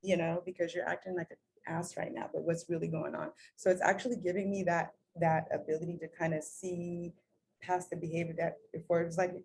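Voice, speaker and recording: A woman's voice: fairly low pitch, level tone, brisk, vocal fry, darkish tone. A middle-aged woman talking candidly as an interview guest, swearing casually and acting out her own past words. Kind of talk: casual conversation.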